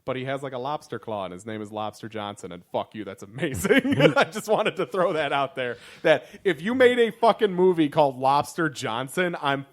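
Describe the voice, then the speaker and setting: A man's voice: medium pitch, animated, moderate pace, hardly any pauses. A young man co-hosting a casual podcast, rambling with profane, laughing enthusiasm. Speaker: podcast co-host. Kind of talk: casual comedic chat.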